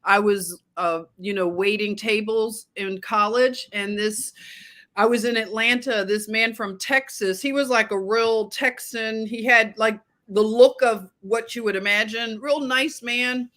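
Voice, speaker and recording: A woman co-hosting a casual chat, telling animated stories and laughing often. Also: a little high, measured pace. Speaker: podcast co-host.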